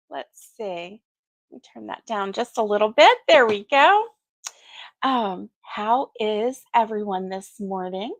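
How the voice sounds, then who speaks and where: A woman's voice: medium pitch, creaky, dry recording. A middle-aged woman hosting a casual morning crochet livestream, chatty and sleepy, yawning now and then as she greets viewers. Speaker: crochet channel host.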